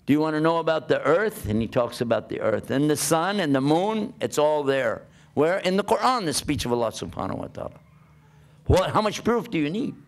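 A man's voice: fairly high pitch, expressive, brisk. A man giving a conversational sermon, asking his listeners rhetorical questions as he preaches. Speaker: Islamic preacher.

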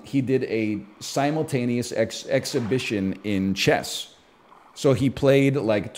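A male streamer talking casually at a middle pitch. He tells stories in a rambling, animated way, full of asides.

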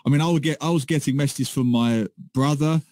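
A man co-hosting a radio show, telling a story in a lively, animated way in casual chat. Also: mid-range voice, brisk, no room sound, studio quality. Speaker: radio co-host. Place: radio studio.

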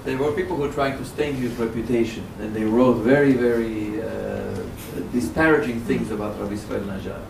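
A man teaching and singing melodies to a group, explaining softly between songs. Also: mid-range voice, steady tone, a little fast, creaky, hardly any pauses, background noise. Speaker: song leader. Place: large hall with audience. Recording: echoey hall, far mic, loud music.

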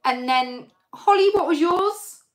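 A woman's voice: extremely high pitch, animated, takes it slowly. A young woman hosting a live Q&A, chatting in a rambling way with lots of fillers. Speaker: channel host. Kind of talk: live-stream Q&A chat.

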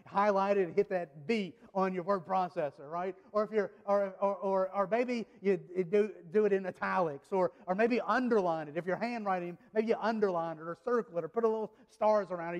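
A man's voice: high voice, in a large hall. A man, a pastor preaching a sermon in a conversational way, with frequent restarts and remarks to the congregation. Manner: conversational, repeats words and restarts, speaks directly to the congregation. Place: church sanctuary.

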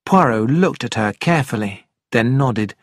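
A man giving steady, plain scripted narration for an audiobook. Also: mid-range voice, moderate pace, no echo, clean studio sound.

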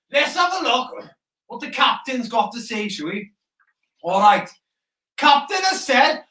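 A Welsh man hosting a live interactive children's broadcast in character as a soldier, excitable, shouty and chatty with the viewers. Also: very high voice, slow pace, long pauses. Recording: roomy echo.

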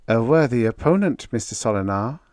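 An audiobook narrator voicing Ermin, a calm, courteous male agent who speaks in a gentle, precise and formal way. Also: medium pitch, fairly quick, no echo, studio quality, natural voice. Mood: measured, formal.

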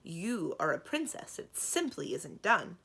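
A woman's voice: lowish voice, big pitch swings, unhurried, vocal fry, fairly bright tone, husky, full character voice. A woman voicing a firm, pompous middle-aged king who speaks stiffly and properly.

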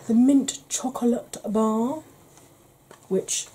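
Woman, beauty vlogger, casual chat, mellow tone, relaxed, a few mild swears. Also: medium pitch, a little slow, husky. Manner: chatty, swears mildly, laughs easily. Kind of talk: casual makeup declutter chat.

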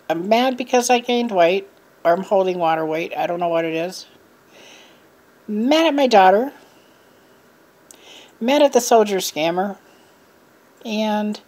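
A woman's voice: mid-range voice, darkish tone. Frustrated middle-aged woman venting. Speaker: vlogger. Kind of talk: casual chat to camera.

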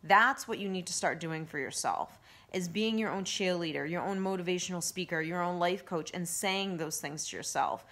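A woman life coach giving casual self-help advice to camera, earnest and gently coaching, with lots of fillers. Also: lowish voice, moderate pace, few pauses. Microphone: handheld phone camera.

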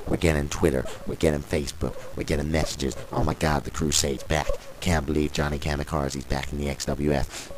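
A man's voice: very deep voice, a little hiss or hum, poor audio. A man doing brash, ranting play-by-play commentary on a wrestling match and hurling insults.

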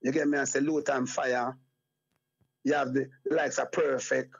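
A man's voice: mid-range voice, little pitch movement, unhurried, gravelly, breathy edge. A Jamaican man talking as an interview guest in casual patois, rambling and repeating phrases like "you get me, I say". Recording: dull lo-fi sound.

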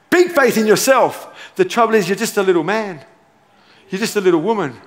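A pastor preaching a sermon in a church auditorium, emphatic and repeating key phrases, with playful asides. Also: male voice, sits high, expressive, brisk. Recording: long church hall reverb.

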